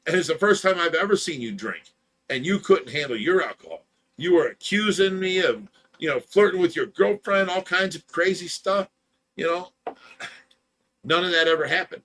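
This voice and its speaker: A man's voice: high-pitched, lively intonation, moderate pace, fairly bright tone. A man hosting a livestream, casually telling a long story, rambling with lots of "you know" and "blah blah," and getting heated as he retells an argument. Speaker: livestream host.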